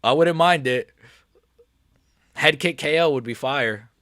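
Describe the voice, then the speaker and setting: A young man chatting casually during a live stream, excitable and rambling, and he keeps repeating how nervous he is. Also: a little high, slow, no room sound, clean studio sound. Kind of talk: live watch-along chat.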